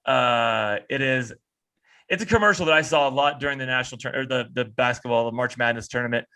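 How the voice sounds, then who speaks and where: A man co-hosting a podcast over a video call, ranting in an animated, profane way and slipping into mocking impressions. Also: medium pitch, fairly quick, clear, resonant tone. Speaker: podcast co-host.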